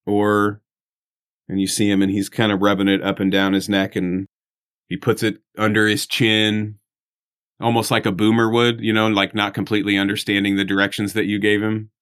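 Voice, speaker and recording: A man in his forties with a low voice plays a tabletop game. He sounds eager and playful, firing off questions. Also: monotone, moderate pace, a bit bright, clear, resonant tone. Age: 40s. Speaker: player.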